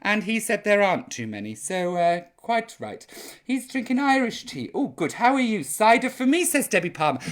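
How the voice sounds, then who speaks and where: A woman's voice: mid-range voice, very animated, normal speed. An older woman hosting a live chat stream, reading out viewers' comments in a cheeky, sweary, rambling way, sounding a little tipsy.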